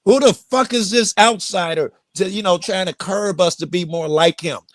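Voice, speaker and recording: A man's voice: high-pitched, normal speed, no echo, clean studio sound. A man arguing bluntly and passionately in a heated podcast debate, swearing freely. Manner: blunt, profane, impassioned. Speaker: host.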